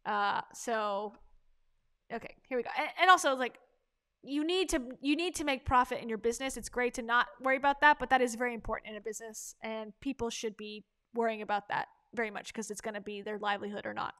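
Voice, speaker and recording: A woman hosts a livestream and pauses a speech clip to pick it apart. Her voice runs slightly high, and her talk is loose and skeptical, packed with fillers. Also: fairly bright tone, clean tone. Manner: chatty, critical, many fillers. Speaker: livestream commentator. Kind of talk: casual commentary on a clip.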